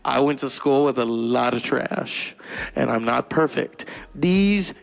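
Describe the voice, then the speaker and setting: A young man from California doing crude, profane stand-up storytelling, putting on shrill voices for other people. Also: animated, slow pace, creaky. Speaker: stand-up comedian. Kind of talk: stand-up monologue.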